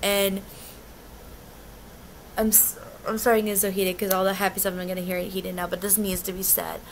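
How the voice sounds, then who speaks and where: A woman's voice: mid-range voice, flat delivery, moderate pace, background noise. A young woman telling a concert story in a casual vlog, agitated and rambling, often restarting and swearing. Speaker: concert fan recounting an experience.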